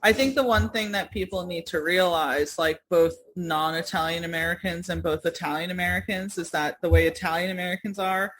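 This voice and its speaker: A woman's voice: lowish voice, fairly even intonation, brisk, few pauses, a bit bright, a little hiss or hum, rough recording. Laughing, swearing New woman. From New York. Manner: laughs often, swears casually. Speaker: podcast co-host. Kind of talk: casual chat.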